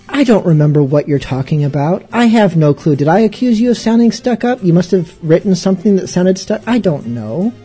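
A man's voice: a little high, mellow, breathy edge. A male radio show host chatting casually between songs, rambling and wry, often poking fun at himself. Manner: rambling, wry and self-mocking.

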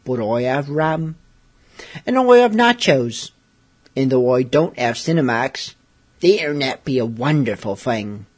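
A man putting on a pirate voice to play a lonely, mopey pirate, reciting comic verse slowly and mock-solemnly. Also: mid-range voice, expressive, slightly rough.

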